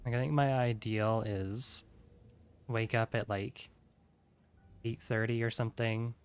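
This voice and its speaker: A man's voice: medium pitch, fairly even intonation, a little slow, smooth. A tired man chatting casually while streaming a game, yawning often and rambling with lots of "like". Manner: rambling, heavy use of "like". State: sleepy, yawning.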